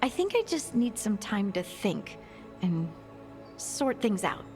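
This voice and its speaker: An actress playing a young woman warrior speaking reflectively, sometimes breathy. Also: medium pitch, big pitch swings, takes it slowly, a little mellow, soft background music.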